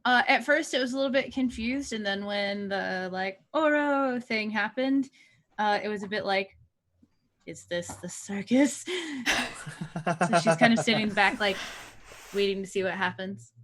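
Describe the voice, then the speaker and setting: A woman's voice: mid-range voice, moderate pace, a bit bright. A woman chatting casually as a player in a tabletop game, talking with hesitant fillers.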